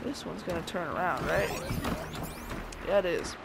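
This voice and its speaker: A woman commentating as she plays a video game, chattering to the enemies and squeaking up high when she panics. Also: normal speed, vocal fry, heavy background noise. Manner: excitable, talks to enemies, voice shoots up when panicked. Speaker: gameplay streamer. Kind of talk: let's play commentary.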